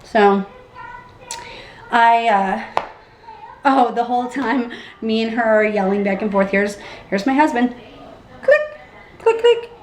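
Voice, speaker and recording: Animated woman telling a story, echoey room. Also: measured pace, long pauses. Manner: animated, acts out quotes with big pitch jumps. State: pregnant. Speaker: vlogger. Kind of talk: casual storytelling vlog. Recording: echoey room with faint background hum.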